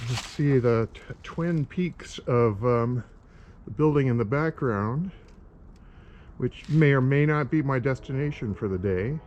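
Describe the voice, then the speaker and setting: A man narrating a casual vlog as he explores an old industrial site, musing and halting with many fillers, from a helmet-mounted camera. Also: mid-range voice, darkish tone, highs cut off. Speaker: vlogger exploring a historic site. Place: outdoors near rail lines and traffic. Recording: outdoor noise, traffic. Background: clear street and vehicle noise.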